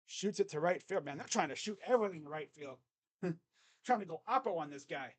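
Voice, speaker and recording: A young man doing live fan play-by-play, chatty and rambling, jumping to excited calls on each pitch. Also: a little fast.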